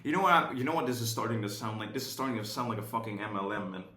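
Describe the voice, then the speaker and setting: Profane high-energy man in a roomy space. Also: rapid-fire, bright, forceful tone. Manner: profane, high-energy, keeps asking "right?". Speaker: course instructor. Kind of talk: casual online lesson. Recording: roomy echo.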